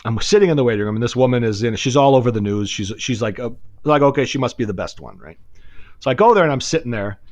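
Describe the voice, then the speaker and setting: A man spins a personal story on a casual podcast. He swears freely and breaks into laughs, his voice at an ordinary middle pitch. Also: fast. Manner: profane, animated, laughs while telling a story. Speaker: podcast co-host.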